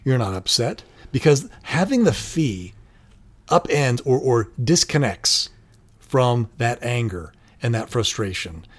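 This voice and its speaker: A man's voice: medium pitch, big pitch swings, slow, slightly rough. A middle-aged man co-hosting a casual parenting chat, earnest and acting out short example lines. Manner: earnest, acts out little quoted lines. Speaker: parenting show co-host.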